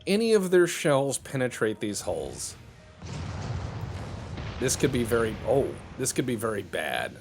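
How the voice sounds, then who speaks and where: A man's voice: medium pitch, big pitch swings, a little slow, creaky, pauses often, soft background music. A man giving joking, casual play-by-play commentary on a strategy game. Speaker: gameplay commentator.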